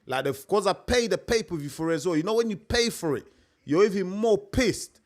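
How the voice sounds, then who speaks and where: This young live-stream host has a high, expressive voice and talks briskly. His chatter is casual and repetitive, and "mate" comes up constantly as he addresses his audience.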